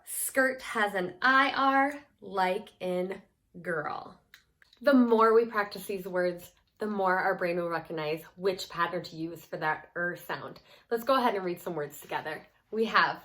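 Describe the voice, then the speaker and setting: A woman leads a children's reading lesson at an unhurried pace. She stretches out sounds and syllables with care and keeps an encouraging tone throughout. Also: on the low side, bright, forceful tone. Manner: slow, clear, encouraging teacher talk with sounded-out words. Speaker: teacher.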